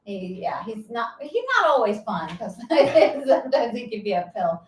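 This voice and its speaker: A chatty woman with a slightly high voice, teasing her co-host and laughing often. She talks loosely in a casual show conversation. The mic is a bit far away in an echoey room. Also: lively intonation, normal speed, a little hiss or hum. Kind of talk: casual podcast chat.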